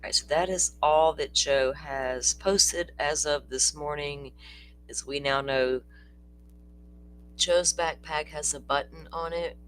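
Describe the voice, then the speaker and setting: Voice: mid-range voice, slow pace, fairly bright tone, a little hiss or hum. Rambling livestream host. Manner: rambling, chatty, laughs often, swears casually. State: tired, yawning. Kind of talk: casual true-crime livestream chat.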